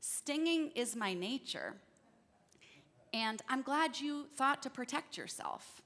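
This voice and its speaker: A woman voicing a soft, apologetic scorpion. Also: high voice, lively intonation, takes it slowly, heavily acted. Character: pleading scorpion that can't help stinging. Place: church sanctuary. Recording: church hall reverb.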